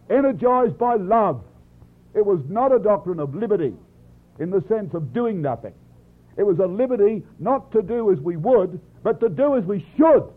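Male preacher, sermon, emphatic and earnest, lively up-and-down pitch, thin phone-like recording. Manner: emphatic, earnest, repeats address to the congregation. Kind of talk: sermon, Bible exposition.

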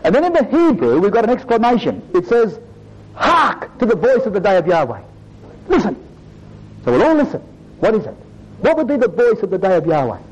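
A man's voice: high-pitched, very animated, quick pace, warm tone. A man preaching a sermon to his congregation, earnest and emphatic, often addressing them as brothers and sisters. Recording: dull lo-fi recording.

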